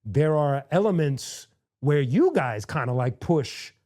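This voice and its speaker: A man's voice: on the high side, lively intonation, slow, warm tone. A man hosting an interview show, asking questions casually with eager, affirming interjections. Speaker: podcast host.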